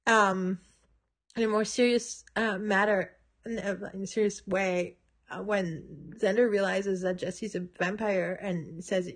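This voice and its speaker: A woman's voice: mid-range voice, steady tone, a little slow. A woman hosting a solo podcast, thinking aloud in a casual, hesitant way with frequent fillers and restarts, amused by what she discusses. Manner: amused, laughs between points. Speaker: podcast host reviewing a TV episode. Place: at home by her computer.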